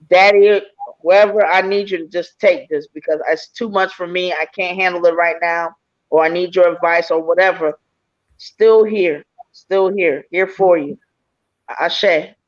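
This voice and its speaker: A woman psychic medium giving an encouraging, rambling spiritual reading full of fillers. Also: on the low side. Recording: slightly dull stream audio.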